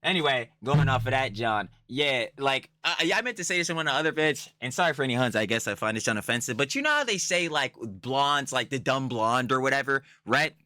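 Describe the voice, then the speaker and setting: Bright-voiced man ranting casually. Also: mid-range voice, big pitch swings, a little fast, few pauses, no echo, studio quality. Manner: profane, rambling, slangy rant. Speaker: commentary YouTuber. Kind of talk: casual reaction commentary.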